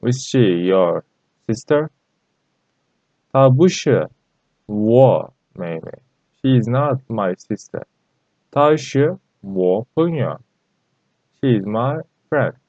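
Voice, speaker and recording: Slow, halting man. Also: mid-range voice, expressive, darkish tone, no room sound. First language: Turkish. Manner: halting and repetitive, many fillers. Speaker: Chinese language teacher. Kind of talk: language lesson. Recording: dull lo-fi recording.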